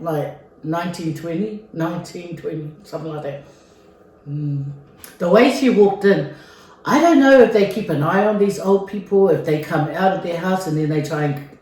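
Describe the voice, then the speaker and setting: A woman's voice: fairly low pitch, darkish tone, far from the mic. A middle-aged woman from Samoa telling a story in a casual, chatty way, with lots of fillers and repeats. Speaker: vlogger. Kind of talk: casual storytelling during a mukbang. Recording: very echoey room.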